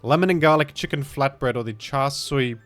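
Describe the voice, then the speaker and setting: A man with a mild Australian accent rambles through casual game commentary at an ordinary pitch. He keeps apologizing for himself, and his remarks often sink into low, mumbled asides. Faint music plays quietly behind him. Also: fairly quick. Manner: rambling, self-deprecating, trails off into mumbled asides. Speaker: gaming streamer.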